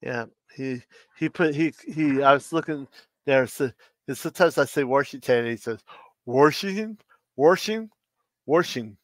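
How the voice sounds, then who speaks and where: A man hosting a casual livestream, chatting in a rambling, halting way with many restarts, who says Washington with an R in it. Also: mid-range voice, fairly bright tone, no room sound. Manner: puts an R in Washington. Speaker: livestream host.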